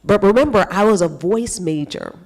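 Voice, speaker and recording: A woman giving a talk as a guest speaker, telling a personal story with lively acted-out thoughts and frequent laughs. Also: mid-range voice, moderate pace. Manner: animated, acts out her own past thoughts; laughs often between phrases.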